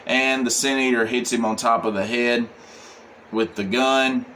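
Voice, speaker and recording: A man's voice: mid-range voice, steady tone, a little slow, pushed and bright, slight background noise. A man reviewing a comic book, recapping the plot casually with many fillers and "he's like". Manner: rambling, full of "he's like" and "um".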